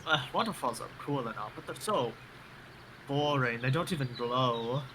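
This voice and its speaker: A man's voice: medium pitch, normal speed, background noise. A man playing in a tabletop game, in a playful, coaxing manner with laughter. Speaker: player. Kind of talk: in-character roleplay and table talk.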